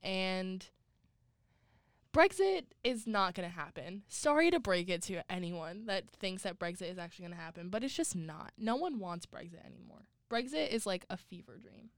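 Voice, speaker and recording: A woman's voice: mid-range voice, animated, moderate pace, no room sound. Blunt young woman co-host, dry sound. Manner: blunt, matter-of-fact. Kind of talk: casual news chat.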